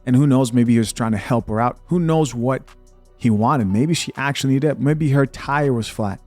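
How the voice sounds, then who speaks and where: Male podcast host, mid-pitch, blunt casual commentary, faint music underneath. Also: moderate pace, darkish tone. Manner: blunt, opinionated, casual with asides. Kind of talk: commentary on video clips and comments.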